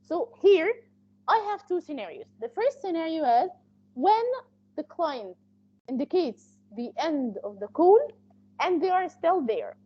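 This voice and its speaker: Woman teaching a class, high mellow voice, lots of uh and restarts, kinda muffled lo-fi audio. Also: very animated, measured pace. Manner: explains at length with many fillers and restarts. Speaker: interpreting instructor. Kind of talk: live online training lecture.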